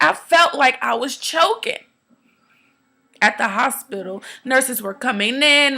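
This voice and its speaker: A woman performing a dramatic monologue, telling a first-person story in an earnest, quiet, measured way. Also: high voice, creaky.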